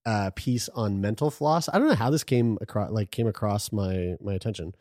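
Co-hosting a casual podcast, a man reads items aloud in a crude, joking way, animated and laughing as he reads. His voice is fairly low and his pace normal, in a studio-quality recording without echo.

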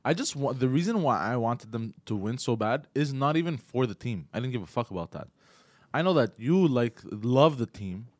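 A man co-hosts a comedy podcast and tells stories with lots of swing in his pitch. He acts out the quotes as he goes. He sits at a close mic with a dry sound. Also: normal speed, no room sound. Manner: animated storyteller, acting out quotes. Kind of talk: casual comedy chat, storytelling.

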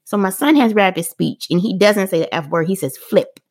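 A woman's voice: medium pitch, brisk. A middle-aged woman, a parent, telling her own story in casual podcast talk, talking straight to listeners and acting out what others said. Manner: animated, acts out others' lines in dialogue; talks straight to listeners, conversational fillers.

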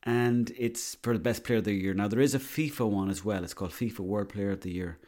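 A man's voice: on the low side, fairly even intonation, a little fast, a little mellow. A man telling a rambling, boastful comic monologue, swearing freely.

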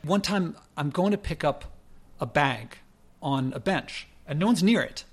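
A man's voice: a little high, animated, unhurried, husky. A man casually telling a rambling personal story, often correcting himself mid-sentence. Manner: rambling, self-correcting, conversational.

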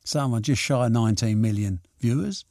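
An older man, a promoter, telling anecdotes in an interview, lively and full of restarts as he acts out what people said. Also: medium pitch, fairly quick, no room sound, studio quality. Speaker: boxing and snooker promoter. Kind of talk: reminiscing interview answers.

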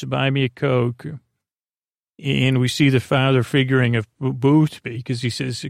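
Gravelly, flat-voiced man recapping casually. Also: medium pitch, moderate pace, no room sound, clean studio sound. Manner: loose, rambling retelling with offhand jokes. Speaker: podcast host recapping an episode.

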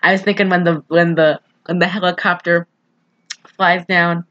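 Woman, lowish voice, casual movie review chat, animated, lots of ums and likes. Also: moderate pace, lo-fi sound, slight background noise. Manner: animated, acts out movie characters, many fillers. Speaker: podcast co-host.

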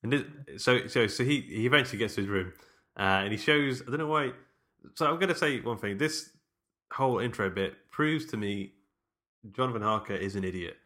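A man's voice: medium pitch, lively intonation, fairly quick, bright, forceful tone. A man chatting casually about a film, laughing often and restarting his sentences.

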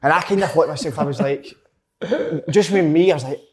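A man's voice: on the high side, fast, over a noisy crowd. A Scottish man in podcast banter, effusive and stumbling over his words, calling everyone mate. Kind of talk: casual banter.

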